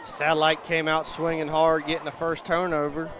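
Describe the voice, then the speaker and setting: A man calling a live high school football game outdoors in a folksy, excitable way and plugging sponsors between plays. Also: moderate pace. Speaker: play-by-play commentator and show host. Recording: outdoor stadium noise.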